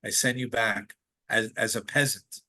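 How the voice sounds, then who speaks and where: Man putting on a kindly male God voice, soft, slow, slightly lower. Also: fairly even intonation. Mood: gentle. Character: gentle all-knowing male God voice.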